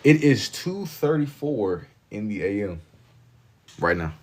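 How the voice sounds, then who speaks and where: Young guy streaming, real low voice, chill slangy banter w chat. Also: big pitch swings, takes it slowly. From Kentucky. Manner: laid-back slang-heavy banter, reading and answering chat. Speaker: livestreamer. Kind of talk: casual chat with live viewers while drawing.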